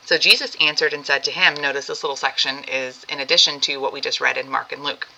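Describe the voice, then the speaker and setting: A woman teaching a seated Bible study lesson, reading scripture aloud and explaining it in a conversational way, often pausing on "um" and checking in with "right?". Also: very deep voice, fairly even intonation, gravelly, pushed and bright, rough recording.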